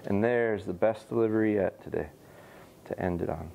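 A man's voice: on the low side, moderate pace, vocal fry, dark tone, a little hiss or hum. A man who trains bird dogs, casually explaining what he is doing as he works a young dog outdoors. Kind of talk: casual training vlog commentary.

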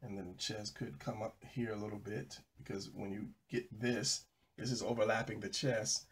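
A man narrating a drawing tutorial while he sketches, low-key and sleepy from an early start. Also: level tone, moderate pace, slightly rough. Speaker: drawing instructor.

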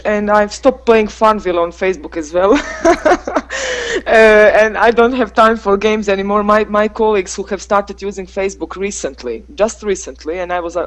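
Woman with a croatian accent, english teacher on a video chat, lots of pauses and restarts, mid-pitched voice. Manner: hesitant, many pauses and restarts, laughs softly. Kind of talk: casual video-call discussion.

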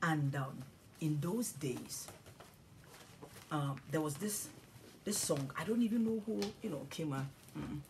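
A woman from Ghana telling a spiritual testimony, animated and emotional, with hushed, awed passages. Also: deep voice, a little slow, pauses often, a little hiss or hum. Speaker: Christian speaker.

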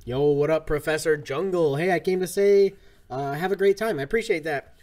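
A man's voice: fairly high pitch, a little fast, darkish tone. A young man with a slightly raised voice chats casually on his game stream. He keeps an upbeat tone and calls out to viewers in chat by name, in a loose, easygoing way. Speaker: streamer host.

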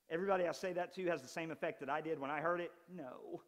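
A pastor in his forties preaching an animated, conversational sermon with touches of humor. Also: on the high side, a little fast, big-room sound. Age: 40s. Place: church sanctuary.

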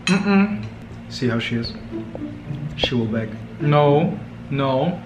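A fairly high-voiced man chats slowly and playfully in an echoey room, laughing often and cooing to his pet. Music plays clearly behind him. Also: lively intonation. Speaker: vlogger. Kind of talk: casual vlog chat. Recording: roomy echo with music behind.

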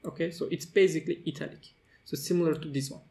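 A man with a somewhat high, gravelly voice walks through a coding tutorial step by step. He talks as he types, pausing on fillers and correcting himself. Keyboard clicks sit behind his voice. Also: steady tone, a little mellow. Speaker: tutorial host. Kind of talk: screen-recorded coding tutorial.

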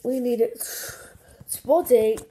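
A woman hosting a children's craft show, playful and animated, with gasps and giggles. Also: a little high, takes it slowly. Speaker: host of a kids' craft show.

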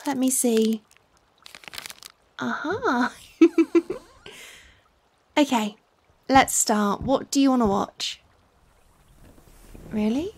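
Female ASMR performer, whispered role-play, high register, unhurried delivery, coaxing and teasing. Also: a little mellow, a little hiss or hum.

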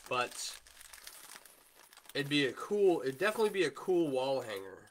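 This chainmail maker, a man with a Wisconsin accent, hosts a livestream where he rambles casually and answers viewers as he works. His medium-pitched voice is very animated and his speed normal, with slight background noise.

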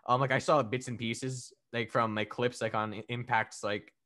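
A man's voice: mid-range voice, normal speed. Rambling, laughing man in casual chat. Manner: animated, laughing, profane, rambling with fillers. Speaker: podcast co-host. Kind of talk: casual chat reviewing wrestling.

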